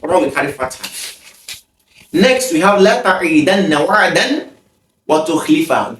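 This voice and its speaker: Man, grammar teacher, reads examples and explains them, frequent pauses, echoey room, mic set back. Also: fairly high pitch, fairly bright tone, recorded from a distance. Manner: reads Arabic sentences then translates and explains, with frequent "um" pauses. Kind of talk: explaining exercises in a grammar lesson.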